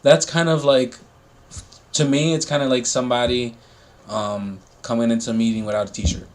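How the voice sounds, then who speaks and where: A man at mid pitch co-hosts a casual podcast chat. He makes his point with emphasis and says it again several times. His talk is loose and conversational. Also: steady tone, normal speed. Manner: emphatic, repeats himself.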